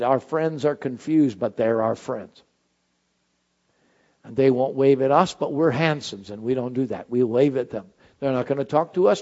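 A male pastor preaching a sermon, swinging from loud, high shouted phrases to soft, low, intimate ones. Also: lo-fi sound.

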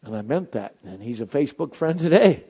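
A male pastor preaching a sermon, swinging from loud, high shouted phrases to soft, low, intimate ones. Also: big pitch swings, a little fast, husky, muffled recording.

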